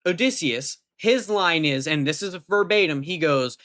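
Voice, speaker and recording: A young man in a casual vlog, reviewing a film off the cuff with plenty of fillers and the odd curse. His voice sits a little high and sounds bright and tense. When he gets worked up, it leaps higher still. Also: normal speed. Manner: rambling, full of fillers and restarts, swears casually; pitch jumps up when emphatic. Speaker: movie reviewer.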